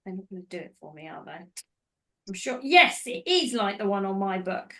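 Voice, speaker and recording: A woman's voice: medium pitch, sing-song, normal speed, sharp tone. A woman hosting a podcast, recapping a film in casual, rambling chat that goes off on tangents. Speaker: podcast host.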